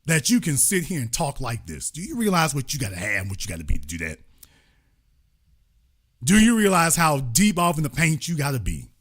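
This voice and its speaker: Animated sarcastic male commentator. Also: a little high, breathy edge. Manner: sarcastic, mocking, profane, swings between fast bursts and slow emphatic phrases. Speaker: political commentary host. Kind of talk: ranting live-stream commentary.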